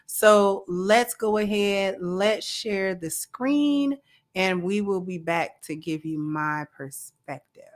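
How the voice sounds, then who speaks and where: A woman hosting her own channel as a femininity coach, speaking in a relaxed, conversational and unhurried way. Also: medium pitch. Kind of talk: direct-to-camera vlog talk.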